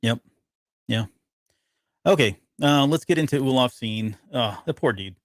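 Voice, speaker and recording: A man's voice: mid-range voice, lively intonation, measured pace, no echo. A man co-hosting a podcast, casually breaking down a TV episode in a rambling way with lots of restarts. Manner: rambling, frequent restarts and fillers. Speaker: podcast co-host.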